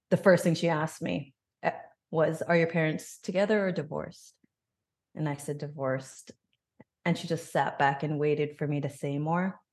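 A woman in her thirties, appearing as a podcast guest, shares a personal story in an interview, speaking openly, reflectively and with emotion. Her voice is low-pitched with a darkish tone.

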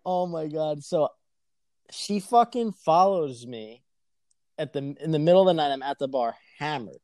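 A man's voice: fairly high pitch, animated, unhurried, darkish tone, no room sound, studio quality. A young man chatting casually, telling a crude story with frequent laughter. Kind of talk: casual chat.

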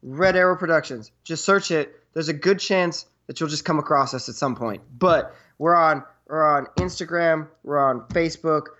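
A man's voice: on the high side, normal speed, hardly any pauses, sharp tone. A man co-hosting a podcast in casual chat, rambling and repeating himself jokingly. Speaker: podcast co-host. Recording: dull lo-fi sound.

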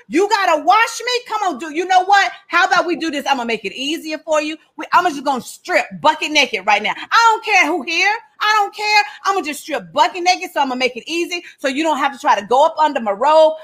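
Comic Peter, grown man, eager and pleading, pitched high, put on by a woman. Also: fairly bright tone.

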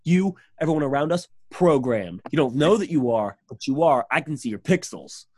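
A man putting on an eccentric, odd male maintenance worker who talks earnestly and insistently, as if stating plain facts. The voice is pushed a little higher and louder than his own. It keeps a casual podcast-chat sound. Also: lively intonation, normal speed.

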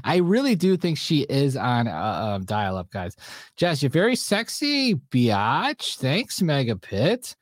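A man's voice: medium pitch, very animated, takes it slowly, no echo, clean studio sound. A man hosting a casual livestream show, greeting viewers in the chat by name and joking around. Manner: shouts out viewers, loose and joking.

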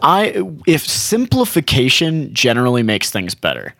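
A man's voice: mid-range voice, wildly swooping pitch, moderate pace, gravelly, a bit bright, dry recording. A man co-hosting a casual podcast, griping in an exasperated, profane way. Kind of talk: casual chat.

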